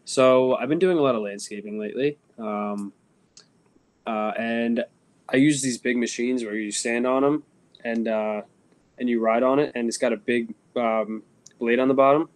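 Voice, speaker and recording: A man's voice: mid-range voice, steady tone, normal speed. A young man co-hosting a podcast, chatty and casual, restarting his sentences as he tells a story. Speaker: podcast co-host. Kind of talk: casual chat.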